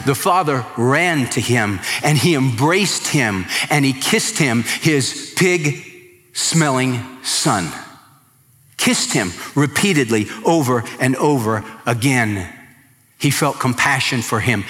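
A man preaching a sermon as pastor, impassioned, swinging from quiet pleading to raised emphasis. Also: medium pitch, lively intonation, measured pace, big-room sound.

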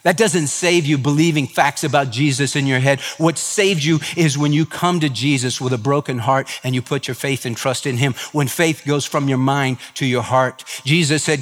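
A man's voice: mid-range voice, normal speed, fairly bright tone, long reverb tail. A man preaching a sermon as pastor, impassioned, acting out both sides of conversations. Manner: impassioned preaching with acted dialogue.

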